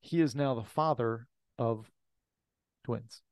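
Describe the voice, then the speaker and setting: A man co-hosting a podcast in easy, chatty conversation, tossing in quick asides. His voice is mid-pitched, and the recording is dry and close. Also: a little mellow, no room sound. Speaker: podcast co-host. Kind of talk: casual chat.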